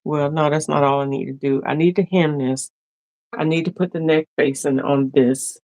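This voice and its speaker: Hosting a laid-back sewing live stream, this woman chats with her audience, laughs, and addresses them directly. Her voice is low and somewhat dark, with fairly even intonation at a normal speed, and there's no room sound.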